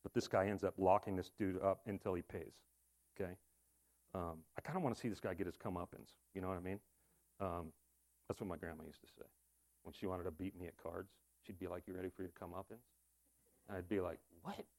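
A man's voice: sits low, steady tone, fairly quick, darkish tone. A man preaching a sermon in a casual, conversational way, with asides and rhetorical questions. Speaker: pastor.

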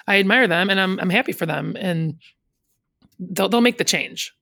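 A woman's voice: on the low side, a little slow, long pauses, a bit bright, dry recording, studio quality. A woman in casual conversation, rambling and chatty, laughing often and slipping into quoted voices of other people. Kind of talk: casual chat.

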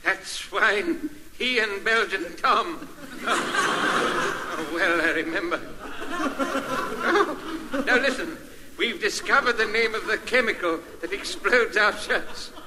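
A lecherous, cowardly old army major, leering and giggling in a high, bouncy voice. It comes from an old radio broadcast with a long reverb and heavy hiss. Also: male voice, lively intonation, takes it slowly, long pauses. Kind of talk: 1950s radio comedy acting.

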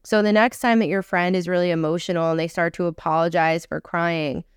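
A woman in her thirties hosting a solo self-help podcast, earnest and encouraging, slowing down to stress her points. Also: fairly low pitch, fairly even intonation, clear, resonant tone, no echo, clean studio sound. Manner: earnest, encouraging, slows down for emphasis. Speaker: podcast host.

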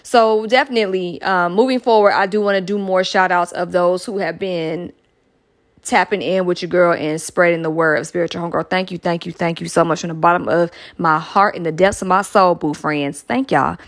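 A woman's voice: fairly low pitch, steady tone, a little fast. A woman from Atlanta hosting a podcast, chatting casually, laughing often and making playful asides. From Atlanta, Georgia. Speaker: podcast host.

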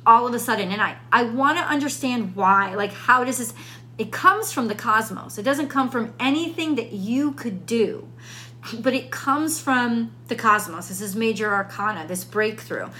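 Bright-voiced woman doing a tarot reading. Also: on the high side, slight background noise. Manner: thinks aloud, frustrated, restarts and repeats questions. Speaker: tarot reader. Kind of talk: casual spoken tarot reading.

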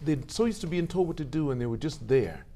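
A man's voice: fairly high pitch, expressive, fast, dark tone. A man hosting a podcast, chatting and affirming his guest casually. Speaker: podcast host. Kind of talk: casual interview chat.

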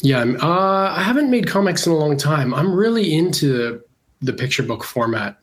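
Congested from a cold, a Canadian-born illustrator talks casually in an interview, hesitating and using lots of fillers. His voice sits on the high side and is very animated, at a moderate pace.

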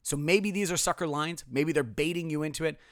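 A man's voice: a little high, brisk, no echo, studio quality. A man hosting a casual solo sports podcast, sarcastic and self-mocking, his voice a bit strained. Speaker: podcast host.

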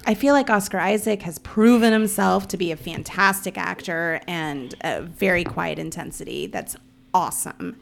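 A woman's voice: fairly low pitch, moderate pace, vocal fry. A woman co-hosting a podcast in casual chat, laughing often and voicing strong opinions. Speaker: podcast co-host.

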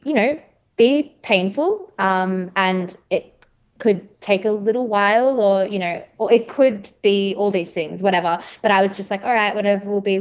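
A young woman talks through her birth story as an interview guest, chatty and open, with many fillers and easy laughs. Her pitch sits in an ordinary middle range. The recording sounds a little dull and lo-fi. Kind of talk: casual conversational storytelling.

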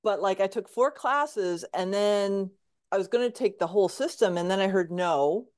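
A woman's voice: medium pitch, normal speed, darkish tone. A woman hosting a podcast, listening closely and sharing her own healing experiences with eager enthusiasm. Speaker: podcast host. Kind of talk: casual podcast conversation.

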